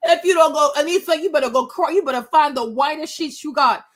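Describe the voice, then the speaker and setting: A high-pitched woman, ranting in a casual, sassy way. She talks bluntly and profanely and mocks the people she talks about. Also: fast talker, fairly bright tone. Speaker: commentator reacting to celebrity gossip. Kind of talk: casual rant.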